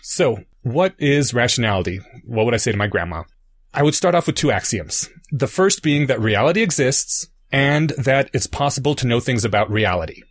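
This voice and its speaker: A man's voice: mid-range voice, expressive, normal speed. A man co-hosting a podcast, patiently explaining ideas through everyday analogies in casual chat. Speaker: podcast co-host.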